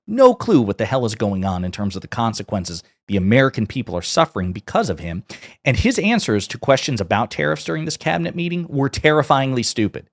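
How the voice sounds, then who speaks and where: A man hosting a political commentary channel, speaking in a scornful, emphatic and sarcastic way. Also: mid-range voice.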